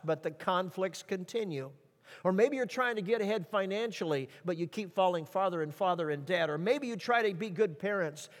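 A middle-aged man preaching a sermon as pastor, reading scripture aloud in a lively, emphatic way. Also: high-pitched, big-room sound.

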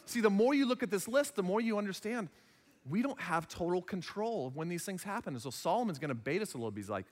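A man's voice: a little high, big pitch swings, quick pace, in a large hall. A man in his thirties preaching a sermon as pastor, conversational, acting out little dialogues. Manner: conversational, acts out little dialogues in other voices.

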